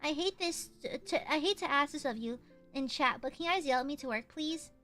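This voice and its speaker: A woman's voice: sits high, a little fast, bright, forceful tone, soft background music. A woman streaming a game live, chatting casually and playfully, with melodramatic outbursts and free swearing. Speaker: VTuber streamer. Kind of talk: casual live gameplay chat.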